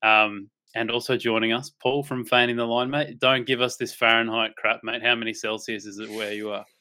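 A man's voice: mid-range voice, flat delivery, fairly quick, sharp tone. An Australian man hosting a live sports betting podcast in a laid-back, joking way, swearing now and then. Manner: laid-back, swears freely, laughs often. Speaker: podcast host. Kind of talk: casual sports betting chat.

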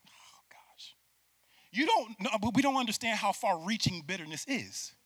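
A man preaching a sermon, moving between hushed asides and loud emphatic peaks and asking the congregation to repeat words after him. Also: high-pitched, expressive, a little fast, breathy edge, dry recording.

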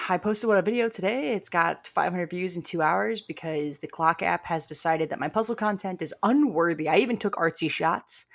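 Gravelly low-voiced woman rambling. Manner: rambling storyteller, self-deprecating. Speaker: podcast co-host. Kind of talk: casual chat.

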